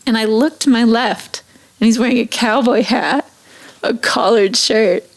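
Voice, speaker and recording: Animated woman telling a story. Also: fairly high pitch, measured pace. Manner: animated, acts out quoted voices, laughs often. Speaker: podcast guest. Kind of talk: storytelling in casual chat.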